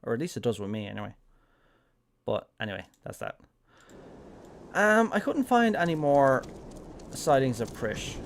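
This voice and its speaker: A man's voice: medium pitch, very animated, moderate pace, gravelly, pauses often, a little hiss or hum. An Irish man giving casual live-stream commentary on a game, rambling with lots of fillers and self-corrections. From Ireland.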